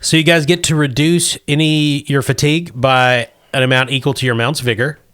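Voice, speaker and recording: A man's voice: mid-range voice, steady tone, normal speed, fairly bright tone, clear, resonant tone, dry recording, studio quality. A man running a tabletop game as game master, loose and jokey.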